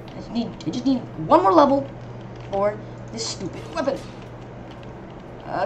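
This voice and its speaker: Excitable woman with lively, shrieking commentary. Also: a little high, normal speed, long pauses, noisy background. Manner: excitable, yelps and shrieks at enemies; rambling running reactions to the game. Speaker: gamer. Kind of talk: casual gameplay commentary.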